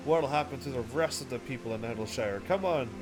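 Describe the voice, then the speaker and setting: A man's voice: mid-range voice, brisk, over music, lightly acted. A man voicing an earnest adventurer, reading the lines aloud in a plain, everyday voice. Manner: read aloud plainly from game text.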